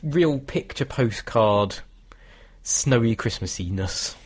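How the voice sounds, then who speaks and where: A man's voice: medium pitch, expressive, takes it slowly, husky. A British man talking as a guest in a conversational interview, thoughtful and given to light laughter. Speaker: guest historian.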